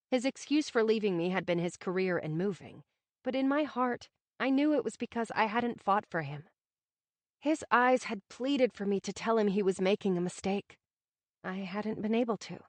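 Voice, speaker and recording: A woman narrating a first-person romantic novel as an audiobook, reading with expressive feeling. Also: on the high side, dry recording.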